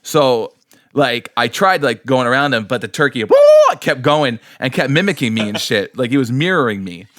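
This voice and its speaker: A man's voice: medium pitch, animated, moderate pace, a bit bright, no echo, studio quality. A man hosting a podcast, telling rambling stories in casual chat and laughing often. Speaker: podcast host.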